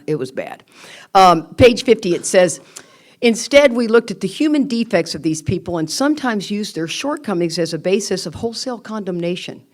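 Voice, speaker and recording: An older woman giving a candid, lively talk to a recovery meeting. She reads out quotes and acts out the people in her stories. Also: low-pitched.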